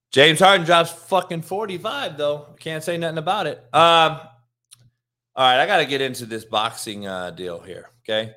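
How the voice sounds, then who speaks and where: A man's voice: medium pitch, bright, forceful tone. A man hosting a sports talk show, ranting heatedly with a lot of swearing and emphatic repetition. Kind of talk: profane sports rant.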